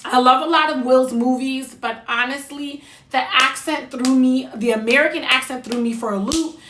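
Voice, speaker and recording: A high, bright-voiced woman from New Jersey talks through a movie review with blunt, sassy opinions. Her voice rings out in an echoey room. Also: moderate pace, a little hiss or hum. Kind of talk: casual review monologue.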